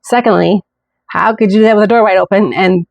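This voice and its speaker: A woman's voice: medium pitch, brisk, creaky, darkish tone, no room sound. A woman hosting a podcast, telling a true-crime story in a chatty way with indignant asides. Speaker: podcast host.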